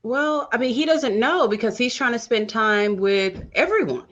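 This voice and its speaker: Woman co-host, high and bright voice, very lively pitch, blunt crude jokes. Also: moderate pace, dull audio. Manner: blunt, joking commentary with crude humor. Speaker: podcast co-host. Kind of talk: casual chat about a reality show.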